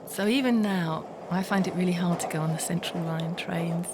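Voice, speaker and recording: A woman's voice: lowish voice, normal speed, background noise. A middle-aged woman telling a personal memoir in an intimate spoken-word style, often dropping to a whisper.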